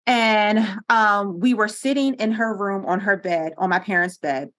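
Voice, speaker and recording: A woman from Pennsylvania, a guest on a podcast interview, telling stories in an animated, earnest way with frequent laughs, recorded on a studio microphone. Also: mid-range voice, a little slow. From Pennsylvania, USA.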